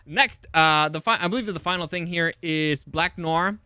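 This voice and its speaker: A young adult man casually recapping a TV episode as a show host, chatty and loose, swearing and paraphrasing characters in quick asides. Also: a little high, sharp tone, smooth, dry recording.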